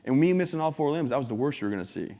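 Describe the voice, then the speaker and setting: A man's voice: medium pitch, lively intonation, very fast, warm tone. A man tells his story to a conference crowd with easy humor and an upbeat, joking manner. His voice sits in the middle range. Long reverb from the large hall trails after each line. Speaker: keynote speaker. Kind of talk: humorous motivational talk.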